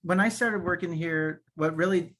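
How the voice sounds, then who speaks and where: A man's voice: on the high side, normal speed, a bit bright. A man talking casually on a video call, sincere and plain-spoken, with many "like"s. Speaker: colleague, guest. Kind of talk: casual chat.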